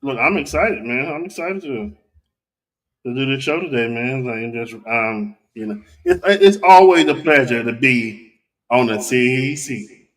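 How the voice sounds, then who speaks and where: A man co-hosts a casual podcast in a middle-pitched voice. He sounds friendly and upbeat and repeats his phrases. He is heard a little off-mic and distant. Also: animated, unhurried, a bit bright. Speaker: podcast co-host.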